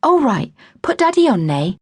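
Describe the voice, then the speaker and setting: A woman's voice: a little high, very animated, normal speed, breathy edge, dry recording, studio quality, voice pushed up. A woman voicing a flustered, apologetic young mother in an audiobook. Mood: warm.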